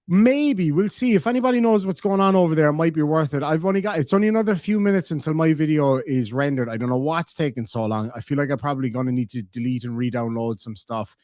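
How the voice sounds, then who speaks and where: A lively Irish man rambles through a live stream, swearing freely and tripping over his own restarts. His voice sits a little high for a man, and the sound is close and dry with no room echo. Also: quick pace, few pauses. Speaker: livestreamer reading viewer donations. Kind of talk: casual live-stream chat.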